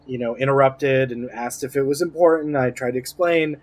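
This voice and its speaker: A man improvising a defensive, rambling teacher who speaks in a flat, deadpan way. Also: mid-range voice, fairly quick, close to an everyday voice. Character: unhinged male teacher under review. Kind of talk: improv comedy scene.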